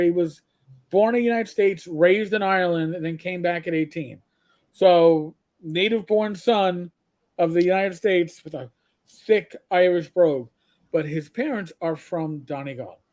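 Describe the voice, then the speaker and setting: A man's voice: sits high, darkish tone. A middle-aged man co-hosting a podcast, telling rambling anecdotes in casual chat with blunt profanity. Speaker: podcast co-host.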